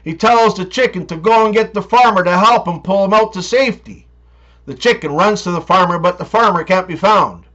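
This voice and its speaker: A man telling jokes and short comic stories in a sarcastic, lively way, shifting his voice for the characters. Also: high-pitched, muffled recording. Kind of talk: joke telling.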